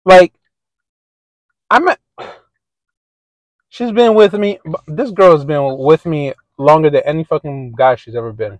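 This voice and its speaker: A man's voice: fairly high pitch, a little slow, long pauses, no room sound, poor audio. A man hosting a casual podcast monologue, telling a story in a rambling, profane way. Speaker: podcast host.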